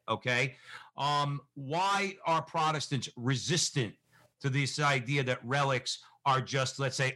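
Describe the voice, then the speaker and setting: Brief: male co-host, bright forceful voice, playful questioner. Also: mid-range voice, expressive, normal speed. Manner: playful, stammers at starts. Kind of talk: casual interview talk.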